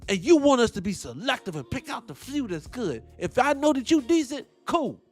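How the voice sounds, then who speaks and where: A man with a high voice hosts a livestream and rants with heat, cursing often. Faint music plays underneath. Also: moderate pace, husky. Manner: animated, ranting, swearing, mocking voices. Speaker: livestream host. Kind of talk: heated live-stream commentary.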